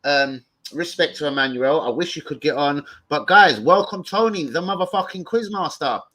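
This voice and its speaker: Excitable sweary man hosting. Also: fairly high pitch, normal speed. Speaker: host of a football fan show. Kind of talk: casual livestream chat.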